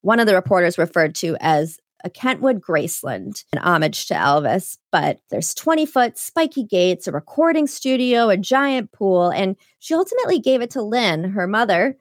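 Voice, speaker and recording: A woman's voice: medium pitch, very animated, normal speed, few pauses, dry recording, clean studio sound. A woman co-hosting a podcast in casual chat, recapping with wry asides. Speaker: podcast co-host.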